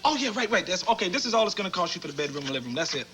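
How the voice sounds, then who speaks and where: A fast-talking folksy house painter. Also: male voice, high voice, very animated, heavy background noise. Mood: boastful. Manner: rambling, folksy, boastful. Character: chatty male house painter, boastful and wheedling. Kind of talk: sitcom acting.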